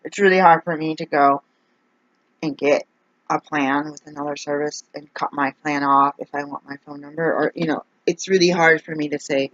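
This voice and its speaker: A woman's voice: low-pitched, steady tone, moderate pace, no echo. A woman ranting in a casual vlog, rambling and exasperated as she complains. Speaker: vlogger. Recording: dull, dry lo-fi recording.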